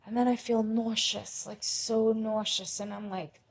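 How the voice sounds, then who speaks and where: A woman's voice: a little high, little pitch movement, unhurried, breathy edge. A young adult woman speaking as a podcast guest, candid and emotional, acting out her own inner thoughts aloud.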